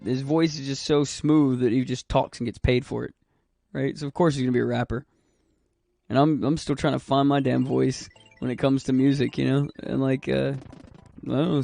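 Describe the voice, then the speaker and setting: A man's voice: mid-range voice, creaky, a little mellow, no room sound. A young man streaming a video game, chatting casually and rambling, swearing freely. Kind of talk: casual gaming stream chat.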